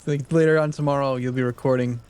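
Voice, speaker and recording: A man's voice: medium pitch, steady tone, fast talker, darkish tone, clear, resonant tone. An American man chatting casually as a co-player in a gaming session, rambling with lots of fillers. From United States.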